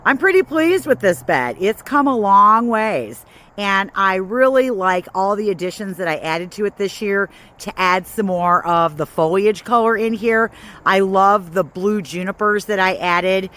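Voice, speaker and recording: A woman's voice: medium pitch, fairly bright tone. A woman from Northern Illinois giving a casual, enthusiastic walking tour of her garden outdoors, chatting to viewers as she goes. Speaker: garden vlogger.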